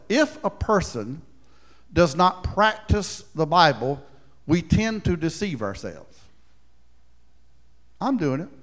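A man preaching a sermon as pastor, moving between loud emphatic points and quiet, chuckling asides. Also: sits high.

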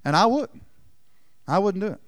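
A man preaching a sermon in a folksy storytelling way, swinging from loud emphasis down to near-whispers. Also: high voice, sing-song, moderate pace, dry recording, studio quality. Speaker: pastor.

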